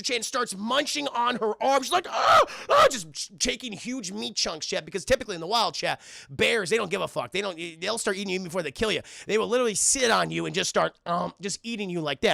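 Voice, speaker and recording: A man streaming a film review, recapping scenes to his live chat and acting out characters in shouted voices. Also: high voice, gravelly, no echo, studio quality.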